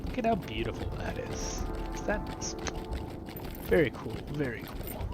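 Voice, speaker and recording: A man's voice: mid-range voice, big pitch swings, moderate pace. A Scottish man hosting a casual let's-play, talking off the cuff and chattily over game music. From Scotland. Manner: chatty, off-the-cuff, self-deprecating. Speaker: host.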